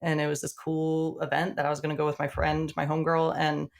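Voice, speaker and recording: A woman guest on a podcast, casually telling a personal story in an animated way and acting out the dialogue. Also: low voice, brisk, vocal fry. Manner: animated, acts out quoted dialogue; frequent "like" fillers.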